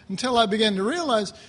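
A man teaching the Bible in an earnest, animated, conversational way, often clearing his throat. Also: high-pitched. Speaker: preacher.

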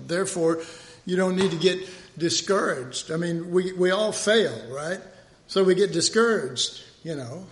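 A man's voice: sits high, a little slow, a little hiss or hum. A man preaching a humorous sermon, acting out dialogue and drawing a diagram as he speaks. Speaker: pastor. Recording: roomy echo.

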